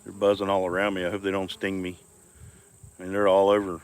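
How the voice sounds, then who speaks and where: A man's voice: low-pitched, quick pace, clear, resonant tone. A man chatting casually on a live stream as he walks around his homestead outdoors, talking into a phone he holds. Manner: relaxed, chatty, greets viewers by name. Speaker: homestead vlogger.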